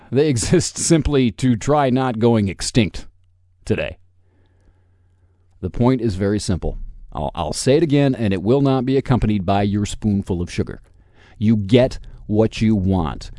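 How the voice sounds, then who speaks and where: A man's voice: mid-range voice, mellow, no echo, clean studio sound. Sarcastic ranting podcast host, man. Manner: sarcastic, combative, profane. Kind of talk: solo podcast rant.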